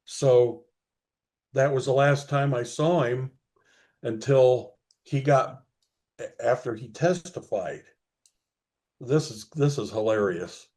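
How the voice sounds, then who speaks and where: A man as an interview guest, telling a rambling story slowly with many fillers. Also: medium pitch, dark tone.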